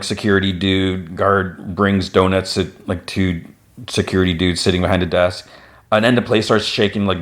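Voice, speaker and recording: A man hosting a podcast, recapping an animated episode in a chatty, rambling way with lots of fillers and restarts. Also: sits low. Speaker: podcast host.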